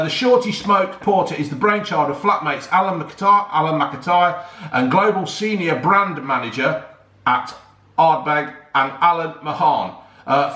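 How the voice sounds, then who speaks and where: A chatty man talks to his viewers in a loose, rambling way, tripping over tricky words and calling everyone "folks". His voice sits a little high for a man. The sound is roomy, with a clear echo around him. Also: a bit bright. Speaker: YouTuber reviewing a beer. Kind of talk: casual rambling chat to viewers.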